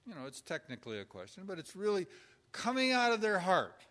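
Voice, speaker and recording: A man delivers an informal lecture to caregivers, working through numbered points. His voice sits a little high, and he keeps it conversational, slipping into short acted-out exchanges to show what to say. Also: wildly swooping pitch, fairly quick, a bit bright. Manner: conversational, acts out example dialogue in quotes. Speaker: instructor on pastoral caregiving.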